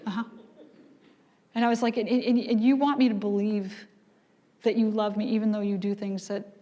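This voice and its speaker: A woman's voice: mid-range voice, little pitch movement, brisk, pauses often, mellow, muffled recording. A middle-aged woman telling stories and asking her audience questions in a sermon-style talk. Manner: storytelling, acts out quoted voices, asks the audience questions. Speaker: speaker. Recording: long reverb of a large hall.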